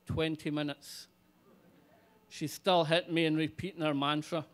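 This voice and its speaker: A man telling a comic personal story live on stage, animated and swearing freely. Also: a little high, normal speed.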